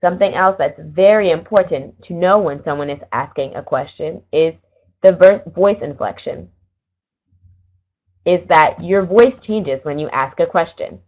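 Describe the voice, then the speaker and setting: A middle-aged woman teaching an English lesson, explaining slowly and carefully and correcting herself now and then. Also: fairly low pitch. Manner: slow, careful explaining with small self-corrections. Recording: dull lo-fi recording.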